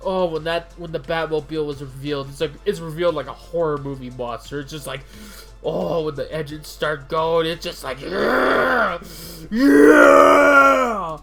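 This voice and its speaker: A speaker reviewing a film off the cuff, with a mid-range voice that rambles through fillers, restarts and plenty of swearing. Soft music sits faintly underneath the talk. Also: medium pitch, fairly even intonation, brisk. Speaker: movie reviewer. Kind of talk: casual unscripted film review.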